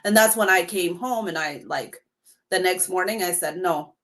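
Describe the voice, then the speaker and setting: A woman's voice: fairly low pitch, normal speed, a bit bright. A woman telling her story in a casual live stream, quoting the people she dealt with. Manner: emphatic, recounts dialogue in quotes. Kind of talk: casual spoken testimony.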